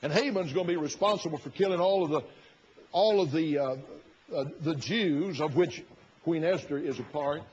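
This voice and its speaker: A man's voice: fairly high pitch, normal speed, a little mellow, husky. Folksy preacher man, lo-fi sermon. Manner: folksy, retells the story with quoted inner thoughts. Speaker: pastor.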